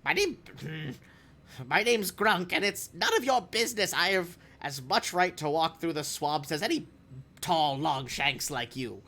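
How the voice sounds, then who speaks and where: A man voicing a scared little creature caught spying, stammering and pleading in a high voice. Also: expressive, unhurried, bright, forceful tone, heavily acted. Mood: defiant. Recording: faint background noise.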